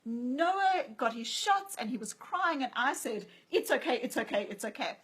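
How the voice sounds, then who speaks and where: Breathy woman telling a story. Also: sits high, expressive, moderate pace, fairly bright tone, low-quality recording. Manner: storytelling, acts out quoted voices. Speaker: author and psychologist guest. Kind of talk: conversational interview.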